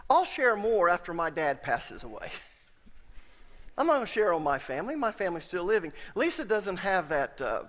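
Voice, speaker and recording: High-voiced preacher in a reverberant hall. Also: male voice, big pitch swings, moderate pace. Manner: storytelling, conversational, with sudden loud emphasis. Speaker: pastor. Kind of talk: sermon.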